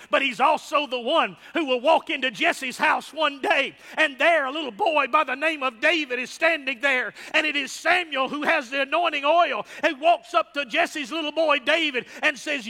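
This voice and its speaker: A man's voice: very high voice, normal speed, few pauses, sharp tone. A man preaching a sermon as pastor, emphatic and repeating phrases for effect. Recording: long hall reverb.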